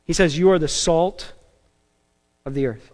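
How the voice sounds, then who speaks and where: A man preaching a sermon as pastor, animated and emphatic, with casual asides and self-deprecating jokes. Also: a little high, measured pace, in a large hall. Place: church sanctuary.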